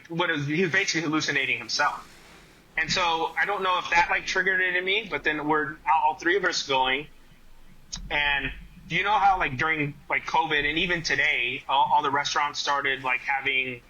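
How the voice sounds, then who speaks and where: A man's voice: a little high, poor audio. A man, a guest on a running podcast, telling stories in casual conversation with lots of "like" fillers. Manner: animated storyteller, many fillers like "like".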